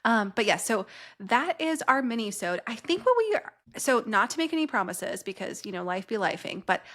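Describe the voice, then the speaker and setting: A woman's voice: on the high side, sing-song, moderate pace, fairly bright tone. A woman co-hosting a podcast in easy, casual chat. She talks with chatty enthusiasm and lets her thoughts ramble on into one another. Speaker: podcast co-host.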